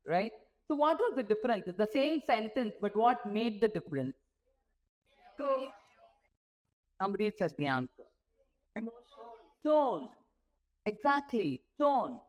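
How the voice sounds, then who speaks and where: On a symposium stage before an audience, a woman guest speaker gives an interactive motivational talk to nurses, frequently putting questions to the crowd. Her voice is medium-pitched and darkish, and the recording is low quality.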